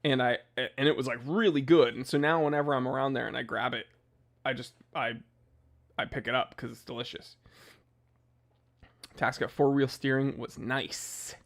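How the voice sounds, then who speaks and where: A man's voice: medium pitch, steady tone, normal speed, gravelly, pauses often, fairly bright tone. A young man hosting a casual livestream from his home office, joking and ranting as he reads names from the chat. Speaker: watch channel host.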